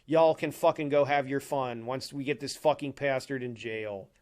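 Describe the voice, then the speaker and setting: A man livestreams from the home office in his apartment, ranting heatedly into a desk microphone and swearing constantly. His voice is medium-pitched and darkish, with a steady tone and a normal speed.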